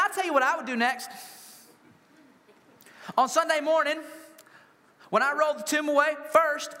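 A man preaching a sermon to a congregation, animated and humorous, full of rhetorical questions. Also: very high voice. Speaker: pastor. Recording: long hall reverb.

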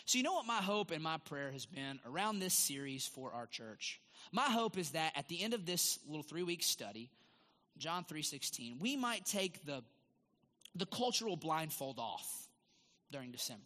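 A man preaching a sermon to his church, teaching with emphatic, drawn-out stress on key words. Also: fairly high pitch, very animated, pushed and bright. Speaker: pastor. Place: church sanctuary. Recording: long hall reverb.

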